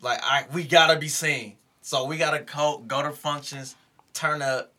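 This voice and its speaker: A man in profane casual chat, excitable and repeating himself as he makes a point. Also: a little high, moderate pace. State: high.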